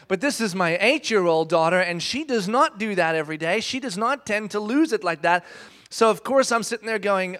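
Brief: man in his thirties, preacher, high voice, lively storyteller who jokes about himself. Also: fairly quick. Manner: animated, self-mocking, addresses the audience directly. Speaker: speaker. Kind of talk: storytelling sermon.

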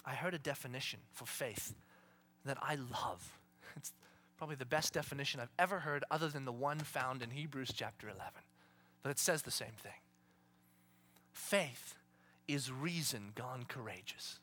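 A man preaching a sermon dramatically, swinging from hushed whispers to shouted exclamations and acting out the people in his stories. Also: sits high, expressive, moderate pace. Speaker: pastor.

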